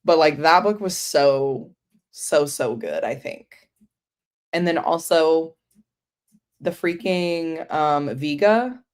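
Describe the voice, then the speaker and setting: A woman's voice: deep voice, animated, takes it slowly. A woman chatting casually on a book livestream, rambling with lots of fillers and answering viewers' comments. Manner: many fillers like "um" and "like". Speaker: book streamer.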